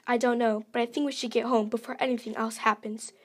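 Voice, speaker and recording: A woman's voice: a little high, flat delivery, quick pace, slightly rough. A woman reading as a nervous, reluctant sister. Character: girl, the narrator's anxious sister.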